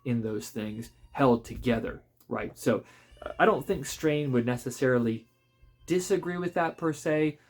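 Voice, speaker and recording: A man, a pastor, reviewing a book in a relaxed spoken way, thoughtful and conversational, with frequent fillers and restarts. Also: mid-range voice, a little slow, soft background music.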